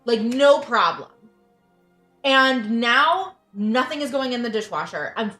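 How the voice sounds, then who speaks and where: A woman in her thirties vents in a casual stream chat, rambling and restarting her sentences. Her voice sits a little high, and the room rings with echo. Faint music plays behind her. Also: animated, slow, bright, forceful tone. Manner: venting, frustrated, rambling with restarts. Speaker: livestream host, parent.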